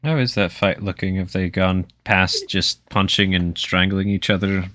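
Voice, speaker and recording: Guy at a tabletop game, bright sharp voice, joking around. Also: sits low, flat delivery, moderate pace, dry recording. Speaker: player. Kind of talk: tabletop role-play chat.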